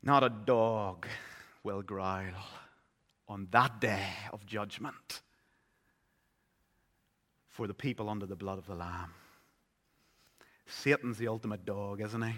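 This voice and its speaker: A man preaching a sermon, telling the story vividly and swinging between loud, urgent passages and hushed ones. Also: lowish voice, slow pace, pauses often. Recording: long reverb of a large hall.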